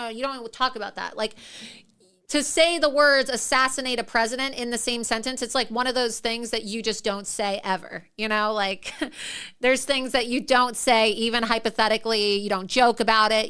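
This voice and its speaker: A woman's voice: a little high, sharp tone, clean tone. A woman hosting a political talk show, ranting with indignation and laughing mid-sentence. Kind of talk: opinionated political commentary.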